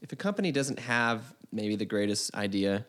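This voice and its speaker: A male interviewer who gives short agreeing replies and asks halting questions. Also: lowish voice, big pitch swings, fairly bright tone. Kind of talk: casual interview talk.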